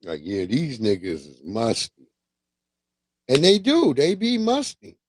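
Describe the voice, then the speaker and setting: A man hosting a livestream, chatting casually with animated, profane storytelling and laughs. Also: medium pitch, slow, no room sound. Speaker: livestream host. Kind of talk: casual commentary.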